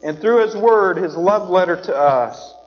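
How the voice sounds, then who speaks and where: High-voiced pastor in a reverberant church. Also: male voice, animated, measured pace. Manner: storytelling, acts out the characters in the story. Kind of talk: sermon. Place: church sanctuary. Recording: dull sound with a long hall reverb.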